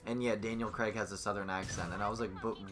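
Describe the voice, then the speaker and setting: A man's voice: on the low side, fairly even intonation, fast. A young man co-hosting a let's play, chatting in a laid-back way and laughing along. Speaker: co-host. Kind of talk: casual gaming chat. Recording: noisy mic. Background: noise.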